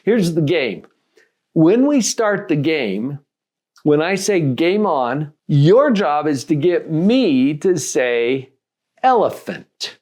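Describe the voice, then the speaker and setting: Male life coach with a high-set voice, lively and expressive, playing out conversations as he teaches. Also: takes it slowly. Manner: animated, acts out dialogue in different voices; asks the listener rhetorical questions. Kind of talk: motivational teaching talk.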